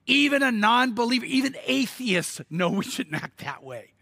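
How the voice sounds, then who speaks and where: Guy preaching, high sharp voice, animated storytelling, keeps restarting words, dry sound. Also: moderate pace, vocal fry, no echo. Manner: animated storytelling with stammered restarts and sudden emphatic outbursts. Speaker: pastor. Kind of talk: sermon.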